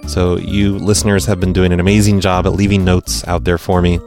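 A man's voice: low voice, level tone, brisk. A man hosting a prank-call podcast, talking casually with a blunt, sarcastic edge. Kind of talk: casual chat. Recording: faint music behind.

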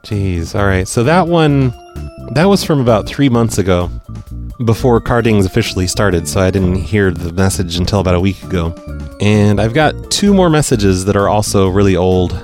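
A man with a fairly low voice hosts a casual podcast, commenting on his calls in a blunt, sarcastic way. Faint music plays softly behind him. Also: animated, moderate pace. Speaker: prank-call podcast host. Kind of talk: casual chat.

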